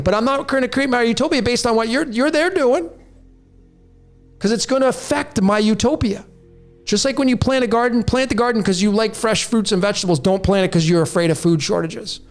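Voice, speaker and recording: A man's voice: high voice, fairly quick, faint music behind. A man in his late forties hosting a podcast, delivering a raw, preachy rant straight to his listeners. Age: 40s. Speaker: podcast host. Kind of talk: monologue to listeners.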